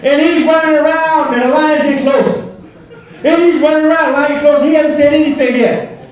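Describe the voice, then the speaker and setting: A man's voice: very high-pitched, moderate pace. A man telling a comic story at a banquet, acting out the voices as he goes. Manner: animated joke-telling with acted-out voices. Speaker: banquet speaker. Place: large banquet hall. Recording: echoey hall, mic far off, crowd noise.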